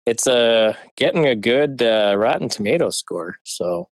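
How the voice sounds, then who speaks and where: A man's voice: mid-range voice, lively intonation, unhurried, no echo. A man co-hosting a casual movie chat, laughing often and hedging with fillers. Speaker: podcast co-host.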